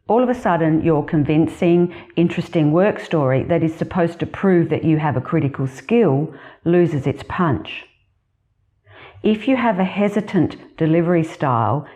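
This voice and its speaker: A woman with an Australian accent, a career specialist giving measured, deliberate advice in a scripted talk to camera. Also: sits low, warm tone, highs cut off.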